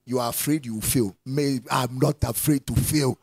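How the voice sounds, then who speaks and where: A man preaching a lively sermon, swinging from loud calls to soft asides and laughing often. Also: mid-range voice, moderate pace, slightly rough, dry recording.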